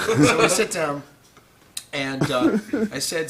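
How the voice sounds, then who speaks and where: A man's voice: a little high, slow, long pauses, noisy background. A man telling a funny story to a live audience, laughing and acting out the quotes. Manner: animated, laughing, acts out quotes. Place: stage before a live audience. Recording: loud audience laughter behind.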